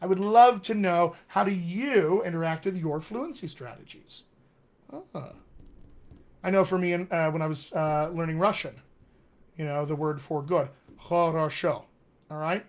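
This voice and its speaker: A man's voice: a little high, normal speed. A man coaching accents in a live online session, demonstrating sounds and reading viewer comments with eager energy. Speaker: dialect coach.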